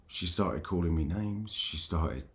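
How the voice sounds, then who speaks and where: A deep-voiced man recounts a personal story on his channel. He talks haltingly and emotionally, often stopping and starting over mid-sentence. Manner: halting, emotional, with frequent restarts. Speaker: channel host.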